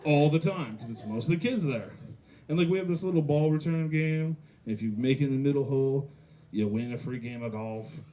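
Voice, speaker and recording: A young man doing a stand-up comedy set at a restaurant, telling stories deadpan and acting out voices of kids and parents. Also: medium pitch, a little fast. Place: pizza restaurant comedy night with audience.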